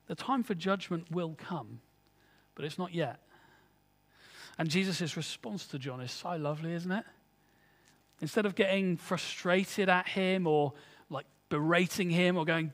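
A man's voice: sits high, normal speed, fairly bright tone, long reverb tail. A man preaching a sermon in an earnest, conversational way, often asking his listeners rhetorical questions.

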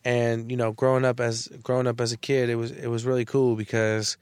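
A man's voice: medium pitch, a little fast, smooth, no room sound. A man from the San Francisco Bay Area, a guest rapper and entrepreneur, telling his life story in a casual, rambling interview. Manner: relaxed, rambling, with fillers.

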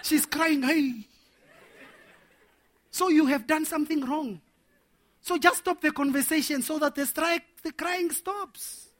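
A man preaching a sermon to men, animated and laughing as he acts out little scenes. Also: extremely high pitch, moderate pace.

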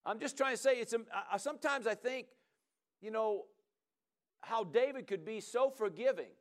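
Animated man preaching a conversational sermon. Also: sits high, moderate pace. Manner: animated, conversational preaching with frequent "come on" and "right?". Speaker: pastor.

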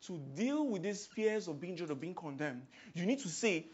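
A man with a Nigerian accent preaching a sermon, swinging from hushed, quiet passages to loud, emphatic outbursts. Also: high-pitched, very animated, normal speed, few pauses, slightly rough, dull audio.

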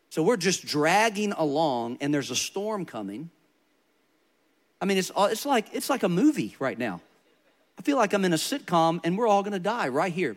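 A man preaching in a storytelling manner, stressing his points by repeating them. His voice sits somewhat high for a man. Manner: storytelling, emphatic repetition. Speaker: pastor. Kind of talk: sermon.

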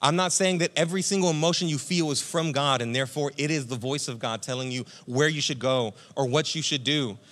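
A man pastor giving a conversational, energetic sermon, speaking to listeners as friends. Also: mid-range voice, brisk, few pauses.

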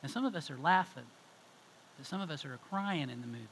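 A middle-aged male pastor delivering a sermon with emphatic, conversational storytelling. His voice sits a little high and rings bright and forceful. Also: animated, brisk, slight background noise, low-quality recording.

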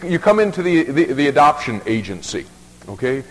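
A man's voice: medium pitch, lively intonation, moderate pace, slightly rough. A male pastor preaching a sermon in a folksy, emphatic way, often repeating words as he restarts. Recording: long reverb of a large hall.

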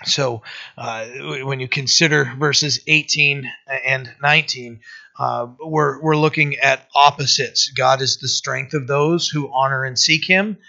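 A man preaching as a pastor in a casual verse-by-verse sermon, talking conversationally with many fillers and reading scripture slowly. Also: mid-range voice, steady tone, gravelly, pushed and bright. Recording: dull lo-fi sound.

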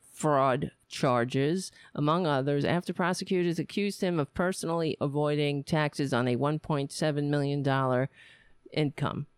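A woman's voice: deep voice, a little mellow, clean tone, no echo. A woman reading news articles aloud and breaking off into sarcastic, profane political commentary, often stumbling and correcting herself.

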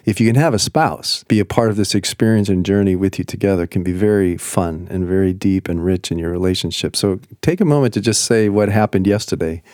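Male talk host, low-pitched and earnest, encouraging and affirming toward his guest. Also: fairly quick, hardly any pauses, darkish tone, no room sound, studio quality. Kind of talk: casual talk show chat.

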